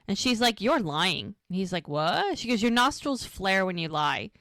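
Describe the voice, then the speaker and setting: A woman's voice: medium pitch, animated, a bit bright, dry recording. Woman, podcast co-host, casual recap, acts out quotes, dry close sound. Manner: retells scenes, acting out the lines in quick quotes.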